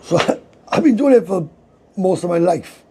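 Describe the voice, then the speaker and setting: A man's voice: sits high, expressive, unhurried, dark tone. A tired man with a Welsh accent, chatting casually on his livestream, slangy and swearing, reading out viewer comments. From Wales. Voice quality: gravelly, husky voice. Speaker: livestream host. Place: indoors, sitting with a coffee.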